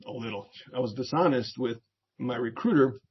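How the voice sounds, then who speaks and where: In this casual storytelling, a middle-aged veteran and therapist from the United States recalls his younger years as an interview guest. His medium-pitched voice has a breathy edge and normal speed, he laughs easily, and he voices the people he quotes, all captured in dull, lo-fi audio.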